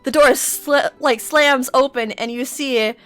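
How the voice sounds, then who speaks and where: A woman's voice: sits high, fairly even intonation, measured pace, fairly bright tone, clear, resonant tone. A woman running a tabletop game as game master, narrating with frequent laughs and fillers. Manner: giggly, filler-heavy narration.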